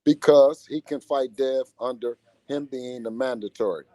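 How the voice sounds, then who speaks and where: A man talking casually in an interview as a boxer's father and manager, animated and slangy, often repeating himself. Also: mid-range voice, normal speed, dry recording.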